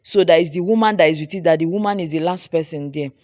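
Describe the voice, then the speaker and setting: This young Nigerian fashion designer and vlogger talks fast in a fairly low-pitched, dark-toned voice, with no room sound in the recording. In her storytelling vlog she animatedly recounts a dramatic story, full of repetition.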